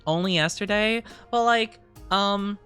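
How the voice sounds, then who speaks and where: A woman's voice: mid-range voice, measured pace, fairly bright tone, clean tone, soft background music. A woman streamer chatting casually with her live chat, giggling often and trailing off with fillers.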